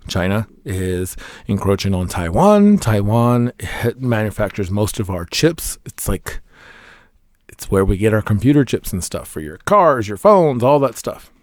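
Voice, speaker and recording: Low-voiced veteran dad vlogger, rambling. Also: male voice, darkish tone, no room sound, studio quality. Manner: rambling and emphatic, laughs between points. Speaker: military veteran and fatherhood vlogger. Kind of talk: casual talk to camera.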